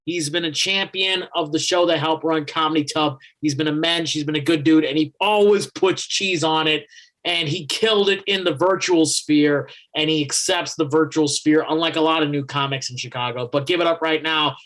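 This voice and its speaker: A man's voice: on the high side, steady tone, moderate pace, fairly bright tone. A man hosting a virtual comedy benefit, hyped and swearing, hollering catchphrases between acts. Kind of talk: emceeing a virtual comedy show.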